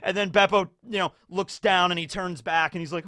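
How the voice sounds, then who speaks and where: A man with a fairly high voice talks through a story in a loose, chatty way. He is full of "like" and "you know," and keeps jumping into lively acted-out bits. The sound is dry and close. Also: moderate pace, few pauses, no room sound. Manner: animated, acts out scenes in character voices. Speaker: YouTube host. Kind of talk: casual anime discussion.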